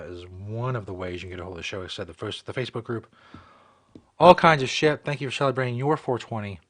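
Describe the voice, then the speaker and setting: A man's voice: lowish voice, fairly bright tone. A man hosting a live stream show, talking casually in a profane, rambling, joking way.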